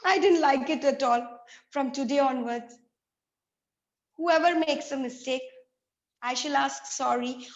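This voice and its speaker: A woman's voice: sits high, roomy sound, highs cut off. A woman voicing a sorry little bee boy. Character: sulky young male bee, remorseful.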